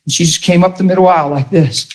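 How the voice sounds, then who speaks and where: Man, middle-aged, preaching sermon, fairly high voice, animated storytelling. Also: quick pace. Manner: animated, rises to near-shouting when retelling a story.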